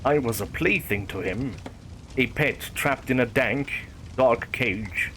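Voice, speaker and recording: A man reading a first-person horror story aloud, in a measured storytelling manner. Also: mid-range voice, expressive, a bit bright, slight background noise. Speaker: narrator. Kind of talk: scripted horror story narration.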